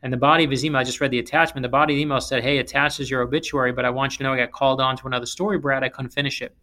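A man who is an author, from South Florida, telling stories in an interview in an emphatic, animated way. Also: medium pitch, very fast. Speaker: author and guest speaker. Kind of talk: interview storytelling.

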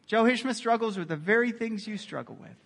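A man's voice: sits high, lively intonation, brisk, vocal fry, a bit bright. A middle-aged man preaching a sermon as pastor, earnest, acting out quoted dialogue as he speaks.

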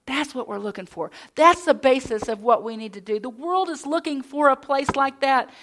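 A woman's voice: high voice, lively intonation, normal speed, fairly bright tone. A middle-aged woman preaching a sermon as a pastor's wife, earnest, with storytelling and conversational asides.

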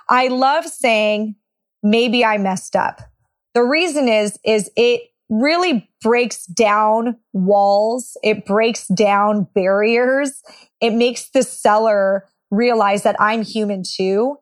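Soft-spoken woman coaching sales lines. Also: a little high, a little slow. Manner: conversational, non-confrontational, acts out sample phrases. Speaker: real estate investor teaching seller scripts. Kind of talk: instructional talk with role-played lines.

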